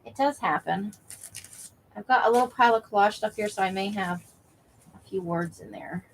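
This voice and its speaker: A woman's voice: mid-range voice, moderate pace, slight background noise, rough recording. A woman hosting a crafting livestream, chatting casually with viewers while she works and laughing often. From Nevada.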